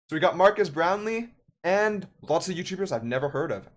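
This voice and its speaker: A man's voice: high voice, expressive, fairly quick. A young man in his twenties, a gaming YouTuber, ranting in casual, sarcastic commentary.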